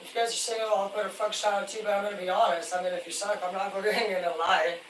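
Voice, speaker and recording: A man's voice: sits high, steady tone, fast, a bit bright. A man telling rambling, profane stories about fishing work on a live stream, loose and boastful. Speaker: livestreamer, former commercial fisherman. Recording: echoey, distant, noisy room.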